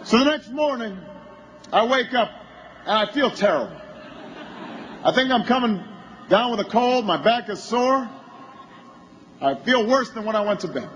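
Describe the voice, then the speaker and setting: Politician guy telling a rally story, really high voice, builds up to yelling, faint hum behind. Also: highs cut off. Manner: anecdotal storytelling that builds to shouting. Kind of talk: campaign rally speech.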